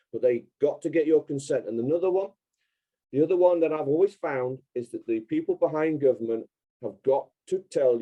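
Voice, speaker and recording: A man's voice: medium pitch, dark tone, rough recording. A man speaking as a podcast guest, emphatic and insistent, repeating his key points. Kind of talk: casual interview talk.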